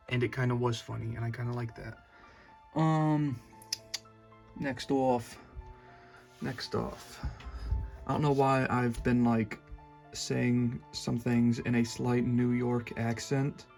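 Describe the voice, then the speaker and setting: A man's voice: medium pitch, gravelly. A young man with a Southern accent giving a casual, rambling room tour in his bedroom, full of fillers and restarts.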